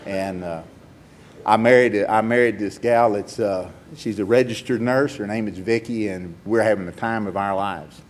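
A man's voice: fairly low pitch, moderate pace. An older man giving a personal testimony at a recovery meeting, telling stories in a rambling, heartfelt, self-mocking way.

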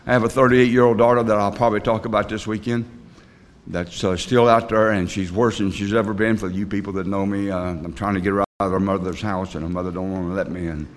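An older man giving a personal recovery testimony at a meeting, telling his story in a rambling, earnest, plain-spoken way with folksy grammar and frequent pauses. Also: fairly low pitch, fairly even intonation.

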